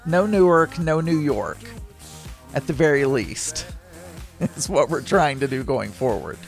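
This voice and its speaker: A man's voice: fairly high pitch, lively intonation, a little slow, creaky, faint music behind. A man hosting his own podcast, chatting casually in a rambling way and laughing easily as he talks from home. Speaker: podcast host. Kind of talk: casual solo podcast monologue.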